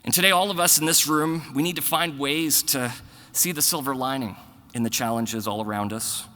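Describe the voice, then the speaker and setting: A man's voice: medium pitch, normal speed, sharp tone. A man in his forties, a bank executive giving earnest, conversational closing remarks at a conference while a bit out of breath. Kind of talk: conference speech. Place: large conference hall. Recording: reverberant hall PA sound.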